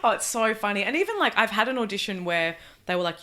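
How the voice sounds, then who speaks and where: An Australian woman, a guest comedian, talking in a casual, animated podcast chat full of fillers and swearing. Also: medium pitch, fast talker, a loud crowd.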